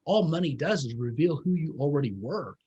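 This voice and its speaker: A man in his fifties talks as an interview guest with a husky, breathy edge to his voice. His pitch sits a little high, and he tells his story earnestly, slowing right down to stress his main points. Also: animated, warm tone, highs cut off. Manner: earnest, reflective storytelling, emphatic slow emphasis. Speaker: guest, former pastor turned real estate business owner. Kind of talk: interview conversation.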